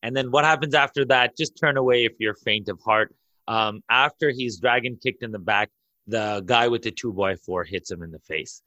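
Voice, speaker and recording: Bright-voiced man telling a story excitedly. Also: mid-range voice, no room sound, muffled recording. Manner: excitable, laughs through his story, rushes in bursts. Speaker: imam and podcast guest. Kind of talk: animated storytelling in a podcast chat.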